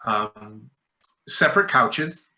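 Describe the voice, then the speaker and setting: A man's voice: mid-range voice, expressive, takes it slowly, bright, forceful tone. A man, a filmmaker guest, tells rambling anecdotes full of fillers and restarts, acting out other people's lines in a raised voice. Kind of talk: casual storytelling in a podcast interview.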